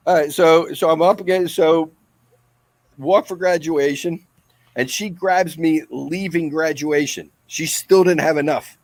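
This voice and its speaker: A man, the guest, telling a comic story in an animated, excitable way. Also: a little high, a little slow, no room sound. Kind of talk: comedic storytelling.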